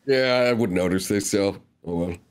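A man's voice: lowish voice, normal speed. A man playing in a tabletop role-playing game, talking with wry chuckles. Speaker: player. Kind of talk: casual tabletop game chat.

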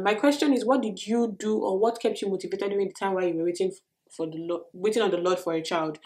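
A young woman with a Nigerian accent talks through viewer questions in a relaxed vlog. She is expressive and animated, laughing often and trailing into fillers. Her voice sits at an ordinary middle pitch. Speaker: vlogger answering viewer questions. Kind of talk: casual Q&A vlog.

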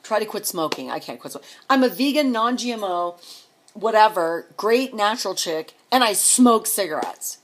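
A woman's voice: mid-range voice, animated, moderate pace, slight background noise. A middle-aged woman venting to camera in a rambling, exasperated, sarcastic rant. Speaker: vlogger.

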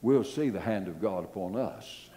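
An older man's low-pitched voice moves at a moderate pace as he preaches from the pulpit. He's a pastor telling stories in an animated way, full of repeated phrases and hesitant fillers.

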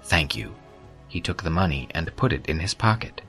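Very deep-voiced male narrator. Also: animated, fairly quick. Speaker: audiobook narrator. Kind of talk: scripted narration. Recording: soft background music.

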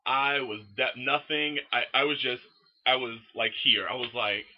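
A young man casually telling a story to camera in an excitable, profane, animated way. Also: mid-range voice, moderate pace, lo-fi sound. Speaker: vlogger.

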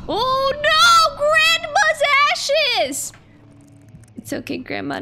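High-voiced, sweary woman streamer. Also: vocal fry, fairly bright tone, slight background noise. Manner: playful, sweary, giggly, talks to chat. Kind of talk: casual gameplay commentary.

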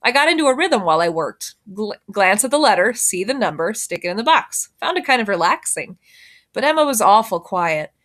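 A woman reading a children's novel aloud in a gentle, even storytelling manner. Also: medium pitch, brisk. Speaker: reader.

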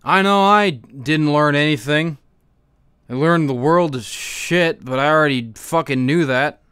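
High, smooth-voiced man, deadpan and profane. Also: a little slow, no echo, studio quality. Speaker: podcast host. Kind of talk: comedic podcast sign-off.

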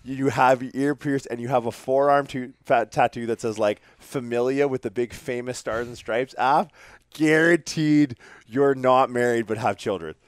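A man's voice: mid-range voice, normal speed, no echo, studio quality. A man, hosting a podcast and telling rambling, profane stories in casual chat. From Canada. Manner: profane, rambling, energetic storytelling. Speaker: podcast host.

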